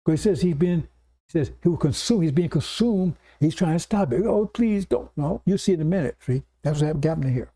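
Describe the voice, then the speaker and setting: Male preacher, slightly high, very mellow dark tone; teaching sermon, keeps checking in with his listeners. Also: brisk, breathy edge. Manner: explanatory, keeps checking in with "see?" and "right?". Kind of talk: sermon lecture to congregation.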